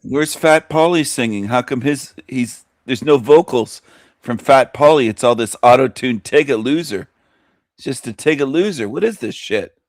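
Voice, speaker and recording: A man's voice: mid-range voice, moderate pace, no room sound, soft background music. A middle-aged man hosting a show, giving crude, sneering reaction commentary. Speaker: host.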